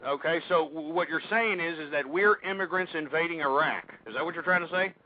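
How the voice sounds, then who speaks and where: A man's voice: a little high, fairly quick. A man hosting a call-in talk radio show, ranting abrasively and insulting his callers. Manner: abrasive, insulting, swearing rants. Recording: dull lo-fi internet radio.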